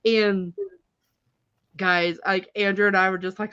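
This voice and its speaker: A woman hosting a live stream who tells casual stories in an animated, chatty way, with many filler words and frequent laughter. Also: medium pitch, slow, long pauses, no echo. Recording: dull, dry, lo-fi stream audio.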